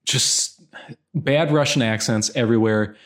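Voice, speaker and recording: A man's voice: mid-range voice, measured pace. A man co-hosting a casual film chat, sarcastic and ranting, his voice jumping up when annoyed. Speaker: podcast co-host.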